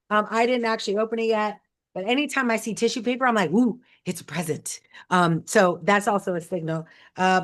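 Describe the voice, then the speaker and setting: A woman hosts in a loose, chatty way, talking as she unwraps presents. Her voice sits in an ordinary middle range. She sounds bubbly and keeps jumping into quick asides. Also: mid-range voice. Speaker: host. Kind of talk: casual chat while unboxing gifts.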